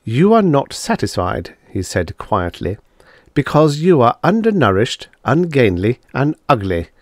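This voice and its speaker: A man voicing a suave, smooth-talking male devil-like alien who speaks patiently and coldly, in a storybook reading. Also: mid-range voice, very animated, unhurried, no room sound, clean studio sound.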